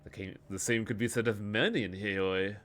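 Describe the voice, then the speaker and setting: A man voicing a cultured, smooth-talking male Russian smuggler who is polite, measured and faintly menacing. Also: on the low side, fairly even intonation, fairly bright tone, natural voice. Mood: charming.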